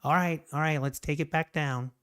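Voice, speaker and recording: A man's voice: a little high, steady tone, normal speed, fairly bright tone, smooth, natural voice. A man voicing scheming male market makers gossiping on the phone, in a conspiratorial tone.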